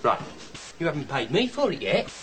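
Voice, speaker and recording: A man's voice: fairly high pitch, huge pitch swings, normal speed. An actor playing a cheeky young male wartime home guard private with a regional English accent, in an old sitcom clip.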